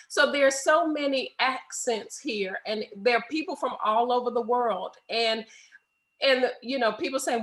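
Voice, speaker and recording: Middle-aged woman, higher voice, lively storyteller, laughs often, video call. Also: moderate pace, rough recording. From United States. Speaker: guest. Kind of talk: casual interview chat.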